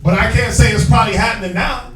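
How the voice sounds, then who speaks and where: A man teaching from the Bible in an emphatic, slangy street style, prodding his reader with quick call-and-response. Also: high-pitched, fairly even intonation, fairly bright tone. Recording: echoey room, distant mic, faint music.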